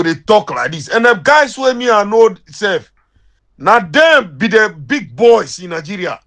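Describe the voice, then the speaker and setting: A man's voice: sits high, fairly bright tone. A young Ghanaian man with a Ghanaian accent, sending a confrontational voice-message rant in Pidgin English.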